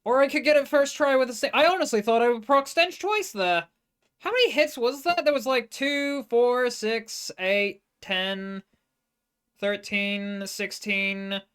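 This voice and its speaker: Game music runs under this live stream, where a young Australian woman with a smooth, fairly bright, higher-pitched voice speaks a little slowly. Her commentary is relaxed and chatty, with free swearing and jokes at her own expense.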